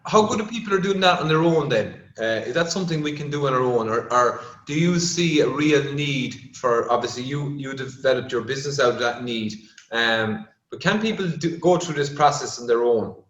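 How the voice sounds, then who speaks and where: A man's voice: mid-range voice, lively intonation, moderate pace, fairly bright tone. A man hosting a podcast interview asks hesitant, meandering questions. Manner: hesitant questions with fillers and restarts. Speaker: podcast host, vet. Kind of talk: casual interview conversation. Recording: roomy echo.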